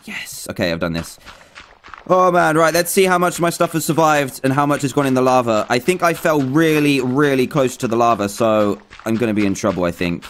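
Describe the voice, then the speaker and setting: A young man from England narrates his game play as he goes. He talks to himself nonstop, and he sounds excitable and panicky. His voice sits at a middle pitch for a man. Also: fairly quick, a little hiss or hum. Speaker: gaming YouTuber. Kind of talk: let's play commentary.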